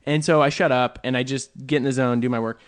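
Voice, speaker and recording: A man co-hosting a podcast, telling stories in an animated, rambling way. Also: mid-range voice, quick pace, clean tone. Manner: animated storytelling, lots of fillers. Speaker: podcast co-host. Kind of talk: casual podcast chat.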